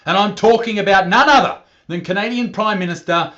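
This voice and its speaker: Brief: male podcaster, exasperated rant, fairly high voice, dull lo-fi audio. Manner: exasperated, rapid rhetorical questions. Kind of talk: ranting commentary.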